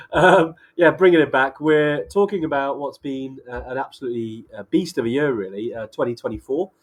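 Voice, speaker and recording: A Welsh man co-hosts a casual live chat in a voice of middling pitch with a husky edge. He talks loosely, laughs often and fills pauses with "um" and "you know.". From Wales. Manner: chatty, laughs often, many fillers. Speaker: co-host.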